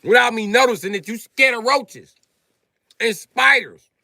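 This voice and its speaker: A man ranting on a comedic live stream, loud, profane and animated, often breaking into shouts. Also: very high voice, measured pace, vocal fry, no room sound.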